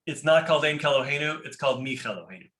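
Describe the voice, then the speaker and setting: A man's voice: a little high, racing, a bit bright, reverberant. A man teaching a class on a prayer book, explaining step by step and often checking in with "right?". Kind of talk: informal class lecture.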